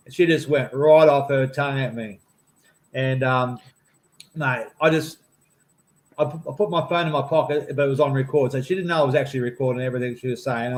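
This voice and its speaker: Aussie guy on a call, rambly and blokey, keeps saying mate. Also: mid-range voice. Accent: Australian. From Australia. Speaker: campaign volunteer. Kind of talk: casual storytelling chat.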